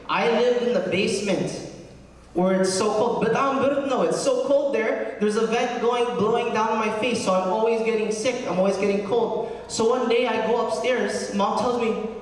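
A young man, a deacon, giving an earnest personal testimony in a sermon and often checking in with the congregation. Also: high voice. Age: young adult. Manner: earnest storytelling, addresses the congregation with "right?". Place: large cathedral. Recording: echoey cathedral hall from far off.

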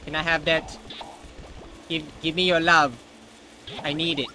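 A man's voice: fairly high pitch, flat delivery, unhurried, sharp tone, slight background noise, rough recording. A man hosting a let's play, giving casual gameplay commentary with sarcastic jokes aimed at the game. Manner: sarcastic and jokey, talks back to the game.

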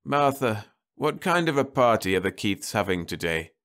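A man's voice: lowish voice, sing-song, normal speed, fairly bright tone, pitched above the performer's own voice. A man voicing a stubborn dying old spaceman who talks with sardonic defiance from his bed. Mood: insistent.

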